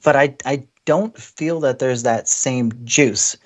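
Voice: medium pitch, takes it slowly. A podcast co-host chatting casually about basketball with playful, joking asides. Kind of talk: casual sports podcast chat.

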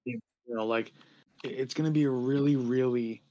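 Rambling, animated podcast co-host. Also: male voice, mid-range voice, normal speed. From New Jersey. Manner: rambling, animated, lots of fillers and laughter. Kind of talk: casual podcast chat.

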